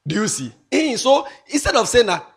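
A man giving a moral talk to students, animated and mixing English with local phrases, rising to emphatic shouts. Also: extremely high pitch, moderate pace, breathy edge. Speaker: speaker addressing students. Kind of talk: moral talk to young people.

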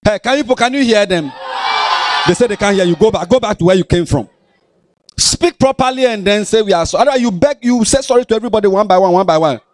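A man's voice: sits high, fast talker, some chatter behind. A man with a Ghanaian accent preaching a sermon as pastor in a church, scolding and teasing his congregation. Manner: animated, scolding, playful.

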